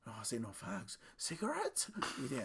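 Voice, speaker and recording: A man's voice: medium pitch, moderate pace, vocal fry, a crowd in the background. A man co-hosting a casual podcast, telling stories with slang and acting out the people he quotes. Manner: animated storytelling with slang, acts out quoted voices. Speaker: podcast co-host. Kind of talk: casual chat.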